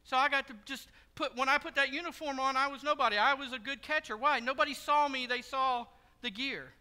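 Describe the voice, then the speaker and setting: Bright, high-voiced man preaching. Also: fairly even intonation, brisk. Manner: storytelling, conversational and joking. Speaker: pastor. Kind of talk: sermon. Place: church sanctuary. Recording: long hall reverb.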